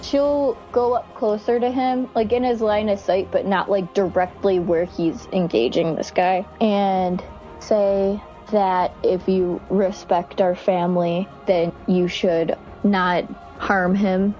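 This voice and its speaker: A woman playing a tabletop game, describing her character's actions calmly. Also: mid-range voice, slow, faint music behind. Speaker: player. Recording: dull lo-fi mic.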